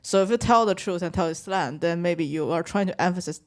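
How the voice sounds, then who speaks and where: A woman's voice: fairly low pitch, brisk. A woman graduate student in a poetry seminar, speaking hesitantly with many fillers and laughing easily. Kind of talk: casual seminar discussion.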